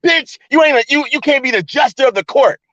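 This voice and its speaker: High-voiced man ranting on a stream. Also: lively intonation, fairly bright tone, no echo. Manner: profane, fast-talking, mocking. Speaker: streamer host. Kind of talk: heated livestream rant. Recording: dull lo-fi dry stream audio.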